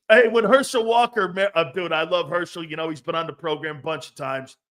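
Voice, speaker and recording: A man's voice: fairly high pitch, normal speed, a bit bright. A middle-aged man hosting a casual sports talk show, brash and profane, laughing often as he riffs and reads viewer comments.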